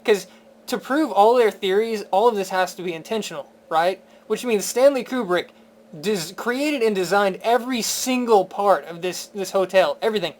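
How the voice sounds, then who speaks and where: A man's voice: high-pitched, moderate pace. A man reviewing a film in a casual spoken rant. He sounds incredulous and profane, with stammering restarts and laughter.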